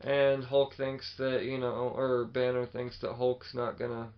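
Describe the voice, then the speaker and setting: Man, podcast co-host, casual chat, animated, swears a lot, middle pitch, slightly muffled lo-fi sound. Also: unhurried. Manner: animated, swears often, acts out quotes.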